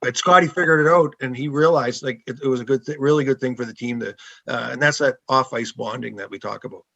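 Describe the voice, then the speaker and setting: A man's voice: medium pitch, fast talker, gravelly, pushed and bright, no echo. Middle-aged man, easygoing storyteller, guest spot, muffled dry audio. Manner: laid-back anecdotal, laughs often. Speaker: guest, former hockey goalie. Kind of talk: casual podcast storytelling.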